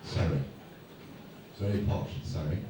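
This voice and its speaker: At a fan event in a large hall, a man appears on stage as guest speaker, trading banter with the live audience and telling self-deprecating, meandering anecdotes. He's low-pitched and speaks at a moderate pace. The audio is noisy, echoey, and distantly miked.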